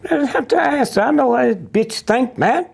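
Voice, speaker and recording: A man's voice: extremely high pitch, lively intonation, moderate pace. An older man, telling stories bluntly and profanely in an interview, keeps asking "Huh?". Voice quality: gravelly and husky.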